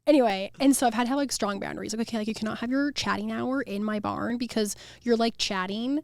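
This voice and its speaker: A woman's voice: a little high, fast talker, gravelly, no room sound, studio quality. A young woman who owns a flower farm, talking in a casual, chatty podcast interview and saying "like" a lot. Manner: chatty, heavy use of "like".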